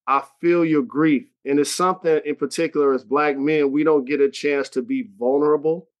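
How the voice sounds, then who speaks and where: A man hosts a podcast with an earnest, supportive manner. His voice sits slightly higher than most men's. He asks his questions with sincere feeling. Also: steady tone, normal speed. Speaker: podcast host. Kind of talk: interview questions.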